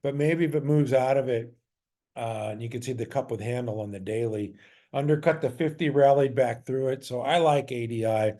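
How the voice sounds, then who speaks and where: Man, stock trader, casual chart walkthrough, mellow tone, easygoing fillers and restarts. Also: medium pitch, moderate pace. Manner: loose and chatty, with frequent fillers and self-corrections.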